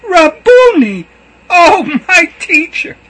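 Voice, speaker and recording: A man voicing a grieving woman disciple in a high, strained falsetto, crying as she speaks. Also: very animated, slow, pushed and bright, exaggerated voice, poor audio. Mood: overjoyed.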